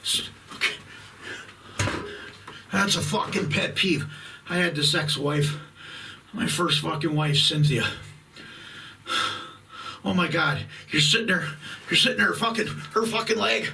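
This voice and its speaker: Fifty-something guy ranting, swearing nonstop, bright sharp edge to his voice, bit far off the mic. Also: a little high, gravelly, slight background noise. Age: 50s. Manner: blunt, profane, combative rant with long drawn-out words. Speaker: YouTube host. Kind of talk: profane ranting monologue.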